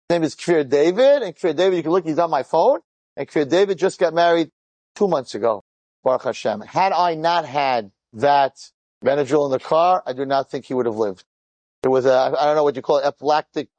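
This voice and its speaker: A middle-aged man, a rabbi and teacher, telling an inspirational story to an audience and acting out the dialogue with lively bursts. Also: a little high, no room sound. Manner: animated, acts out the dialogue in quick bursts.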